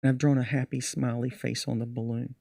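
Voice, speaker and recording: A man's voice: mid-range voice, fairly quick, creaky, no room sound, clean studio sound. A middle-aged man, a magician, telling stories from his show in a casual podcast interview. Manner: animated storyteller acting out his show. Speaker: magician guest.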